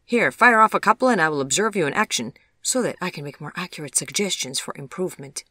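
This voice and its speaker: A cheerful, easygoing young British man, put on by an audiobook narrator, jovial and teasing with bursts of eager energy. His voice is even and middle-pitched, recorded dry and close. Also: fast talker, no room sound.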